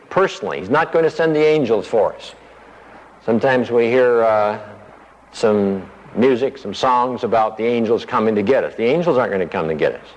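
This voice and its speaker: Man, Bible teaching, explains word by word, long hall reverb, dull lo-fi sound. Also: mid-range voice. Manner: explains word by word, acts out quoted speech. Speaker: preacher.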